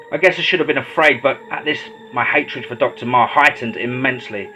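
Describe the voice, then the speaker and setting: A man narrating a horror story in a steady, dramatic storytelling voice. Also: medium pitch, fairly quick, few pauses. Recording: slightly dull lo-fi audio with faint music.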